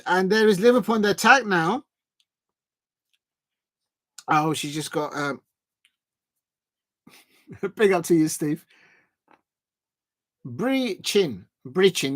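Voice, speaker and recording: A man's voice: a little high, dry recording. A man hosting a live fan watch-along, commentating casually with many fillers and restarts and chatting with viewers. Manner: chatty, reads out and thanks viewers. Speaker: fan stream host.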